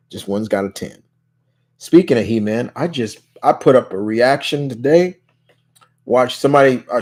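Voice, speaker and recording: Man, livestream host, casual chat, rambling, restarts, mid-pitched voice, reads viewer questions. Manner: rambling, many restarts and "you know"s; reads viewer questions aloud and answers them.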